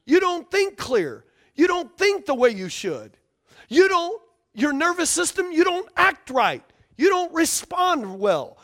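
A man's voice: very high-pitched, very animated, takes it slowly, a bit bright. A man preaching a sermon as a pastor, emphatic and repetitive, often asking the congregation for responses.

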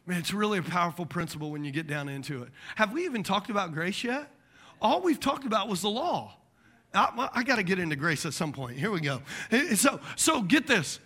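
A middle-aged man preaching a sermon as pastor, animated and jokey, acting out quoted voices and dropping into muttered asides. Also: sits high, a little fast, breathy edge.

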